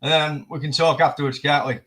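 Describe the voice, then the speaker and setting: A young man, a boxer answering calmly and brushing off trash talk. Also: a little high, fairly quick. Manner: level-headed, dismisses trash talk, repeats short lines. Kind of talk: calm pre-fight face-off.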